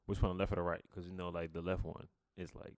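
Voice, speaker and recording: A man's voice: low-pitched, level tone, dry recording, studio quality. A man with a slight stutter co-hosting a podcast, chatting casually and choosing his words carefully. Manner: slow, careful wording, chuckling. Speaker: podcast co-host. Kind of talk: casual chat.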